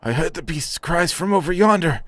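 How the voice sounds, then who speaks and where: A man's voice: a little high, expressive, moderate pace, dry recording, voice pushed up, close to an everyday voice. A man voicing a devoted young knight in a video game, speaking eagerly with a raised voice. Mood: relieved.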